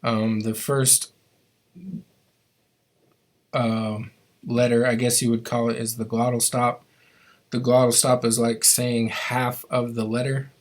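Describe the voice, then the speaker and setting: Male language teacher, monotone delivery, patient, step-by-step explanations, live online class. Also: mid-range voice, takes it slowly, pauses often.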